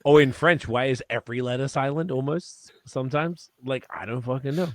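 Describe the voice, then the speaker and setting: A man's voice: medium pitch, fairly quick, no echo. A man co-hosting a podcast in casual chat, rambling and swearing freely. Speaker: podcast co-host.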